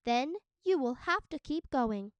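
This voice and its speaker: Storybook mother, tired but stubborn, firm and fierce, as a woman reader puts her on, clear voice. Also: high voice, animated, a little slow, dry recording. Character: weary, stubborn mother searching for her daughter.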